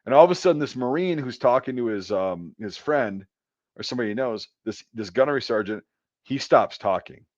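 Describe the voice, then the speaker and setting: A man in a loose, profane storytelling flow, rambling through a long anecdote with plenty of "like" and "um". His voice sits mid-pitch and comes through dull and dry. It sounds like lo-fi online call audio from home. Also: animated, fairly quick, a little mellow, no room sound. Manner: profane, rambling anecdotal delivery with many fillers. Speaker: podcast host. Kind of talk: casual storytelling chat.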